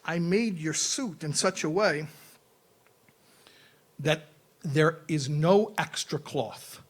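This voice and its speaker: A man voicing a calm tailor in a told parable, explaining patiently. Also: fairly high pitch, slow pace. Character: calm, careful male tailor, king's friend.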